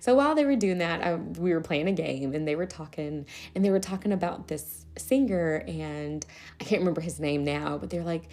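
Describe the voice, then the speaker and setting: A woman in her thirties, a podcast host and teacher, telling stories in a casual chat, animated and often laughing. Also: brisk. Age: 30s. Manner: animated, laughs often, raises pitch to quote kids.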